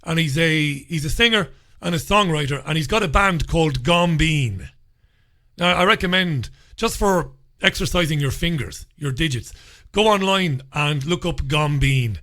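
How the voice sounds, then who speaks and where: Bright-voiced chatty male radio host. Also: a little high, moderate pace. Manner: chatty, rambling, with filler words. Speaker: radio talk show host. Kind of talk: casual radio chat.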